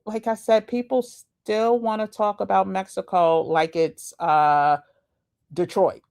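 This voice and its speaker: A woman host giving casual, chatty commentary with slangy asides and laughs as she reacts to videos. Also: lowish voice.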